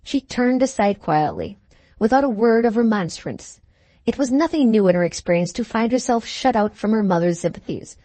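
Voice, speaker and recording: Female audiobook narrator, measured reading, dry close sound. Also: fairly high pitch, expressive, dark tone, no room sound. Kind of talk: scripted narration of a Victorian novel.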